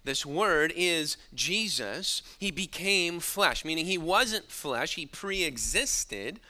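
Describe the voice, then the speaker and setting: A man's voice: mid-range voice, sharp tone. A man preaching a sermon, emphatic and drawing out his key words.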